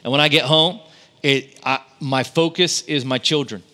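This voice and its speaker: A man's voice: on the high side, moderate pace, sharp tone. A man in his thirties, a pastor, preaching a sermon in a conversational storytelling way, building intensity on key points. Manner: conversational storytelling with impressions of family.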